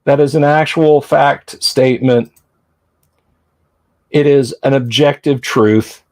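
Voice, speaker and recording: A livestream host talks slowly in a medium-pitched, darkish voice with fairly even intonation and no room sound. He chats casually and jokingly with viewers, answers the chat, and rambles between points.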